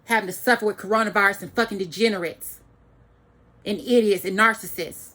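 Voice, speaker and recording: A woman's voice: mid-range voice, steady tone, a little fast, a bit bright. Angry ranting woman vlogger. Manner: heated, profane, repeats phrases for emphasis.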